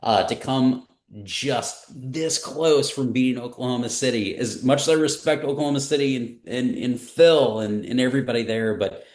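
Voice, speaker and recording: A man's voice: medium pitch, moderate pace, hardly any pauses, darkish tone, echoey room. A man in his forties, a guest, telling his career story in a casual interview and acting out the people he quotes. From Missouri, US. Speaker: marketing director guest.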